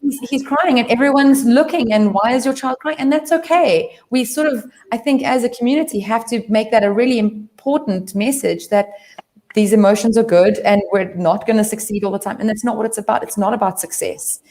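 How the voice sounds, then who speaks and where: A woman's voice: on the high side, brisk, darkish tone. A woman from South Africa in casual panel chat, talking earnestly in long rambling stretches with many fillers and restarts. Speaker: panel member. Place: video call.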